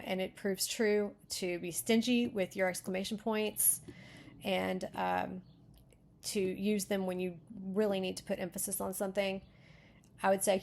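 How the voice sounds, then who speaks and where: A woman's voice: mid-range voice, vocal fry. A woman hosting a casual writing critique, chatty and full of fillers and self-corrections. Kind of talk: casual teaching.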